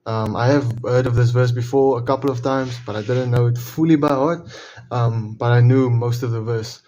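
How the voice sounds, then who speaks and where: A man's voice: medium pitch, steady tone, dark tone, highs cut off, slight background noise. A man hosting a casual devotional Bible talk, earnest, often repeating and restarting his phrases. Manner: earnest, repeats and restarts phrases, slows to read verses aloud. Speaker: Bible reading video host.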